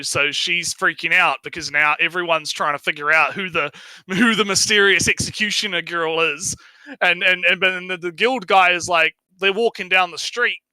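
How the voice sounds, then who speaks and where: A man on a stream, recapping an anime in casual chat, animated and swearing, acting out quotes. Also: high voice, no echo, low-quality recording. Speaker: stream co-host.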